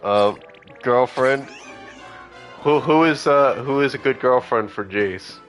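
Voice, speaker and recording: A man's voice: mid-range voice, slow pace, a bit bright, faint music behind. A tipsy man streaming a video game live, chatting casually and laughing often. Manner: giggly, laughs often and mimics lines.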